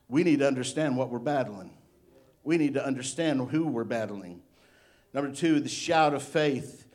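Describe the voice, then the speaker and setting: A middle-aged male pastor giving a sermon, animated and playful, acting out little voices as he preaches. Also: medium pitch, moderate pace.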